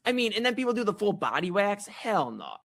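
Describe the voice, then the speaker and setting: A young man co-hosting a comedy chat show, telling a story in a rambling, animated, self-mocking way. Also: high voice, a little fast, vocal fry. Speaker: co-host.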